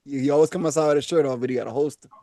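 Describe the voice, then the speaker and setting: A man co-hosting a comedy podcast, telling an animated story, laughing often and acting out each character. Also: fairly high pitch, racing, no echo, studio quality. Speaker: podcast co-host.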